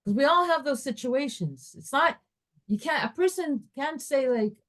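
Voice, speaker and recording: Woman Torah teacher, fairly high voice, lively storyteller who acts out the dialogue. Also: normal speed. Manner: animated storyteller, acts out dialogue with rising and falling voice.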